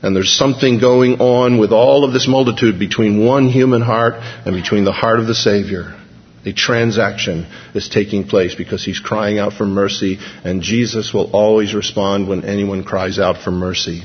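A male preacher giving a sermon, dramatic, swinging between hushed and emphatic delivery. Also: on the low side, steady tone, normal speed. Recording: dull recording, long hall reverb.

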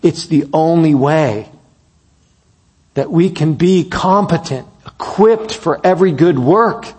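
A man preaching a sermon, telling a story that builds to emphatic peaks and drops to soft, quiet moments. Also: a little high, slow, husky.

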